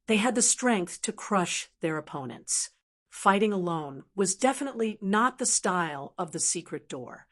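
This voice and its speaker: A woman narrating a fantasy audiobook in an even, steady reading voice. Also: mid-range voice. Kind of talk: scripted narration.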